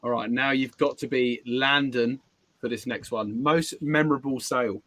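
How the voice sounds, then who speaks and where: A man's voice: mid-range voice, steady tone, normal speed, fairly bright tone, no echo. A man hosting a casual live-stream interview, putting questions to a guest in a playful, quiz-like way.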